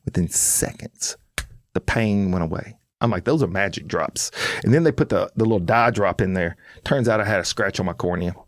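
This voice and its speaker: Animated storyteller man. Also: on the low side, fast, hardly any pauses, no room sound. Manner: animated storyteller who acts out his own lines. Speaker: podcast host and coach. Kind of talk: casual chat.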